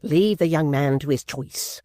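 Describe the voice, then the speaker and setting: A cold stranger speaks curtly and with command, clipped and loud, as an audiobook narrator puts him on. The voice is mellow and dry, close to the microphone. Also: medium pitch, unhurried, no room sound, close to an everyday voice. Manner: cold, curt. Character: cold, commanding man in a coach.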